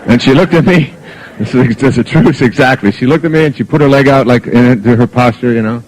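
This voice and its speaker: A middle-aged man speaks as a motivational speaker at a live seminar. He tells humorous personal stories and chuckles as he goes. His voice sits at a medium pitch and moves between hushed asides and emphatic points. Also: a little fast, low-quality recording. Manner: humorous anecdotal storytelling with chuckles; lively, shifting between soft and emphatic.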